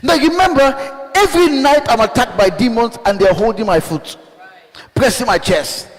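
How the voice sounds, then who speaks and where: High-voiced fiery preacher in a hall. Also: male voice, normal speed. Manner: call-and-response, shouting bursts, rhetorical questions. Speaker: bishop preaching. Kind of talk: fiery sermon. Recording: long hall reverb.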